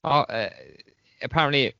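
A man's voice: mid-range voice, normal speed, sharp tone, dry recording. A man hosting a podcast in casual comedy banter, laid-back and hesitant, with lots of ums. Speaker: podcast host. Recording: dull muffled sound.

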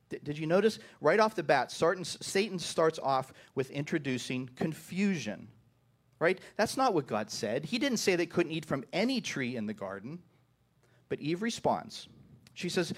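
A man's voice: fairly high pitch, expressive, moderate pace. A man preaching a sermon to his congregation. He often repeats the first words of a phrase and keeps asking "right?". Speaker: pastor.

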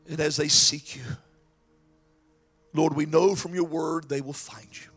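A male pastor preaching a sermon, swinging from hushed, drawn-out lines to shouted climaxes. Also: fairly high pitch, steady tone, husky, faint music behind.

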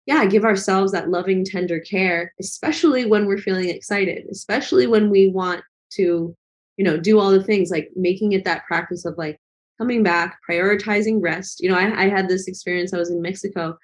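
A woman's voice: medium pitch, a little fast. A woman talking as a guest in a casual conversation, earnest and reflective, with lots of fillers. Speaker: guest, travel vlogger.

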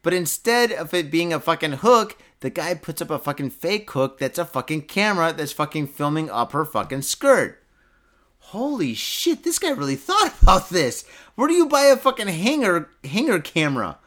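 Podcast host, man, tipsy and profane, lively and somewhat high-pitched delivery. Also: moderate pace, few pauses. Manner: profane, rambling, laughing at his own jokes, tipsy. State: drunk. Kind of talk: casual podcast chat reading news stories.

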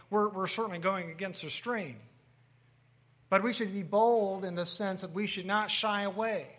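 A man's voice: high-pitched, a bit bright. A man preaching a sermon to an assembly, earnest and repeating his key phrases for emphasis. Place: meeting room with a live audience.

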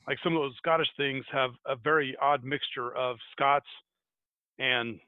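A man's voice: medium pitch, fairly even intonation, measured pace, dry recording. An American man hosting a podcast in casual chat, rambling and laughing at himself as he retells a folktale. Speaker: podcast host. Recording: tinny phone-like dry sound.

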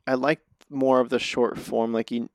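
A man's voice: mid-range voice, flat delivery, moderate pace, dry recording, studio quality. A man, an actor and comedian, telling stories as a guest in a casual interview, rambling and self-deprecating, often laughing.

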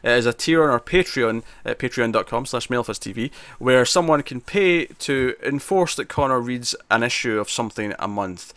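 A man of middle pitch with a bright, forceful tone hosts a podcast. He chats casually, introduces segments, and now and then slows into hesitant fillers. The sound is dry and close. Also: lively intonation, no room sound. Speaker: podcast host.

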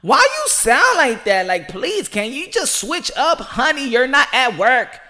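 A man's voice: very high-pitched, sing-song, a little slow, sharp tone, faint music behind, pitched above the performer's own voice, exaggerated voice. A man putting on the voice of an exasperated wife pleading with her husband to talk normally. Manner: pleading, nagging.

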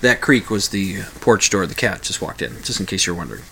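A man's voice: deep voice, animated, a little fast, creaky, pushed and bright, a little hiss or hum. A man talking casually at home, telling a story in a rambling, hesitant way with many restarts. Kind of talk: casual spoken commentary.

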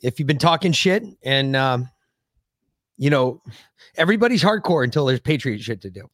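A man's voice: medium pitch, lively intonation, moderate pace, no room sound, studio quality. A man co-hosting a political podcast, ranting in a heated, profane way. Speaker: podcast co-host. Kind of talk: casual political podcast chat.

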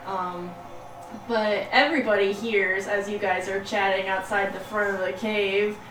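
A woman running a tabletop game as game master, narrating in a relaxed way with frequent laughs. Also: medium pitch, unhurried, music in the background. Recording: echoey room, distant mic, hiss.

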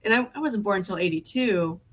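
A woman's voice: medium pitch, a little fast, fairly bright tone. Woman in her 40s from alaska, guest on a podcast, rambles along with lots of likes and ums. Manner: rambling, many fillers and restarts. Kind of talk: casual conversation.

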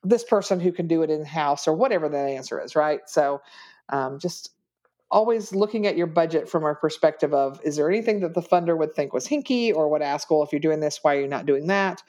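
A woman's voice: low voice, a little fast, a little mellow. A woman grant writer in casual podcast conversation, explaining her approach step by step, with fillers along the way.

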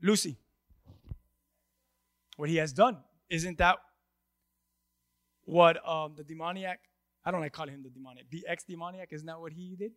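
A male pastor with a notably high voice preaches to his congregation. He talks to them conversationally, asks them questions and acts out the voices in the scripture. The sound is close and dry, with little room echo. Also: steady tone, moderate pace, long pauses, a bit bright. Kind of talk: sermon.

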